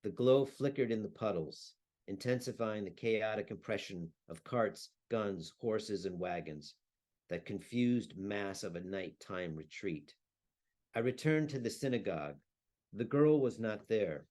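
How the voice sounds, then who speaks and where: Measured man with a low voice. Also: lively intonation, a little mellow. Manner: measured, with hesitant fillers. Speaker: historian and translator. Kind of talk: talk with a read-aloud excerpt.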